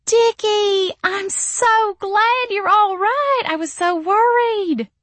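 A high, syrupy coo from a scheming female vampire in an audiobook. Every word drips fake sweetness. The read is dry and close. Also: slow pace, fairly bright tone, no echo, exaggerated voice. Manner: cooing, saccharine. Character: catty female vampire rival, sugary and scheming.

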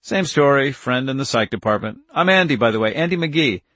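A man voicing a relaxed, wry young male undergraduate in a dry studio recording. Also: medium pitch, a little fast, dry recording, voice pushed up. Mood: easygoing.

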